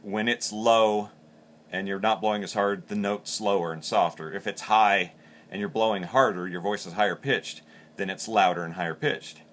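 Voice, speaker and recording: A man's voice: fairly low pitch, moderate pace, a bit bright. A man teaching in a plain, practical way, explaining step by step and repeating words as he goes. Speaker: call maker instructor. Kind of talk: instructional demonstration.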